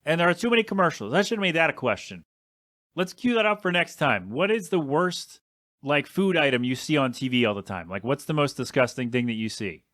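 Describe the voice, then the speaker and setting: A man's voice: fairly high pitch, expressive, brisk, a bit bright, dry recording, clean studio sound. A young adult man hosting a casual solo podcast, rambling and complaining in an exasperated way with some swearing. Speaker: podcast host.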